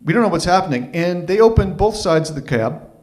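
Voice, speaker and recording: A man from Toronto, telling a story live at an open mic in a wry, animated, self-mocking way. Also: high voice, a little fast. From Toronto, Canada.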